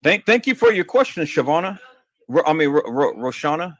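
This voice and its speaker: Emphatic higher-voiced man on a livestream. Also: sing-song, a little fast, dry recording. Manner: emphatic and insistent, stammering repeats. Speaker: livestream host answering viewer questions. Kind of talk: heated livestream talk.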